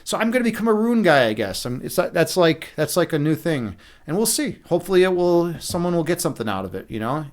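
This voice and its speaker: A man's voice: a little high, very animated, fast. A middle-aged man hosting a livestream, chatting casually and loosely, with many restarts, fillers and the odd curse. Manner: loose and profane. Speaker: livestream host. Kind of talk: rambling casual livestream chat.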